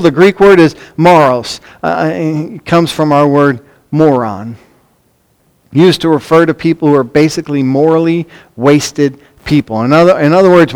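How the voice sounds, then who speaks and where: A man's voice: fairly high pitch, clean tone. A man preaching a sermon, emphatic and earnest, often repeating words as he drives points home. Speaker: pastor.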